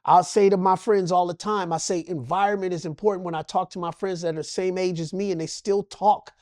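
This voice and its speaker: A man's voice: high-pitched, steady tone, fairly quick, darkish tone, no room sound, studio quality. A man from Los Angeles, a guest in an interview, talking about his life with passion, in preacher-like bursts and repeated phrases. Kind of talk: emotional personal interview.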